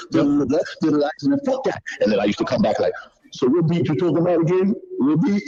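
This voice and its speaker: A man's voice: fairly high pitch, sing-song, fast, dark tone, breathy edge, soft background music. A man telling stories in a casual, swearing, repetitive street-talk manner. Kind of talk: casual storytelling. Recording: dull lo-fi clip audio.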